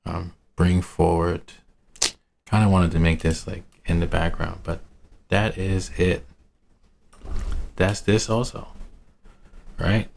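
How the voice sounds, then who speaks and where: A man's voice: low voice, fairly even intonation, slow, vocal fry, pauses often, a little mellow, a little hiss or hum. A man in a casual, rambling screen-share market review who talks to himself, uses city slang and laughs at his own asides. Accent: American urban slang. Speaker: trading analyst.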